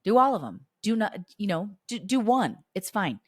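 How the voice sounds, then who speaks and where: A woman's voice: medium pitch, very animated, normal speed, breathy edge, dry recording, studio quality. A woman in her forties hosting a solo podcast, chatting casually and encouraging listeners with stories and quoted dialogue. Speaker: podcast host.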